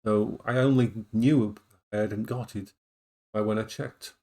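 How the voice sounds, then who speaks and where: A man's voice: steady tone, a little slow, darkish tone. Chatty man streaming from home. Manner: chatty, talks baby talk to his dogs in a high voice. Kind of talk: casual live-stream chat.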